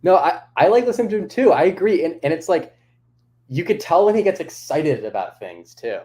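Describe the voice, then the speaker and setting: A man's voice: on the high side, very animated, a little fast, mellow. A young man guesting on a podcast, easygoing and chatty, peppering his talk with "like". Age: young adult. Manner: easygoing, filler-heavy with frequent "like". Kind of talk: casual chat.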